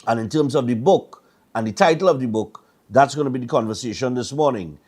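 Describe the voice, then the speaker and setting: A man's voice: mid-range voice, fairly quick, a little mellow. Trinidadian male host, middle-aged, loose chatty storyteller, repeats himself. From Trinidad and Tobago. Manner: rambling storytelling with stammered repeats. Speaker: morning show host. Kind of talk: casual chat.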